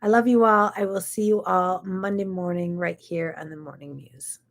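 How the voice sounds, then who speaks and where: A woman's voice: on the low side, steady tone, normal speed. A middle-aged woman, hosting a chatty, folksy morning talk show. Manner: chatty, folksy, says y'all. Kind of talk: casual chat.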